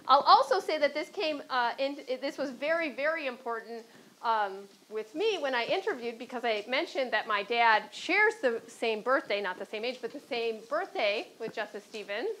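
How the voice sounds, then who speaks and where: A woman's voice: fairly high pitch, a bit bright, low-quality recording. A woman from Chicago with a Chicago accent, speaking on a panel as a former court clerk and telling stories, often checking in with "right?". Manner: anecdotal, often adds "right?".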